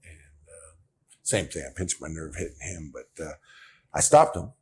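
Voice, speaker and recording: A man in his sixties from California, a guest telling animated stories in a casual interview, laughing often. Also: very deep voice, unhurried, gravelly, a little hiss or hum. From California, USA. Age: 60s. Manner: animated storyteller, laughs often, acts out quotes. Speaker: interview guest, former pro football player.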